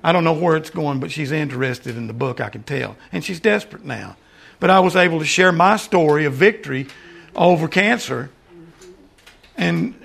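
An older man preaching a sermon and then praying, earnest, often calling the listeners "friends" and dropping into soft asides. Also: fairly high pitch. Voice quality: gravelly. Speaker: lay preacher. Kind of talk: sermon and prayer.

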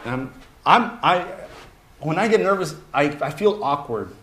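A man casually telling a story to listeners, animated and chuckling as he goes. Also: fairly high pitch, normal speed. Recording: roomy echo.

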